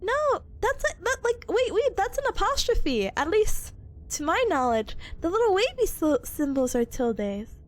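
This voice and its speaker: Young woman streaming while sick, super high voice that bounces all over, giggles a lot, chatty. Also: big pitch swings, a little slow. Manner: giggly, laughs often, chatty with viewers. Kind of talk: casual live-stream chat.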